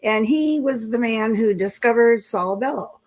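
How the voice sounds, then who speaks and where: A woman's voice: on the high side, a little slow. Older woman telling anecdotes. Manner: anecdotal, chuckles often, restarts. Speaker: guest author. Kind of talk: casual interview chat.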